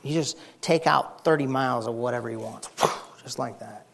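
A man preaching a folksy, excitable sermon, shouting and whispering for effect. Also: mid-range voice, normal speed, vocal fry, slight background noise.

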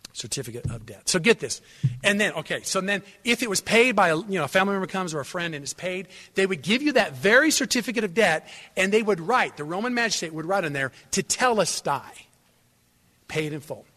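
A man preaching in a church sanctuary, with a high, bright, ringing voice. He tells his stories with a lot of life, sinking to hushed asides and then climbing to loud, forceful emphasis. The sound carries a long reverb from the hall. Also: brisk. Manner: animated storytelling, swings from hushed to loud. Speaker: pastor. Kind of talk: sermon.

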